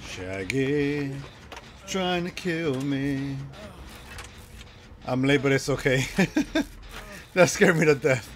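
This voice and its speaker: Jumpy, lively-voiced male game streamer. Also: mid-range voice, slow pace, pauses often, slight background noise. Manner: jumpy, yelps and laughs at scares, chats with viewers; swears casually. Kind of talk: live-stream gaming chatter.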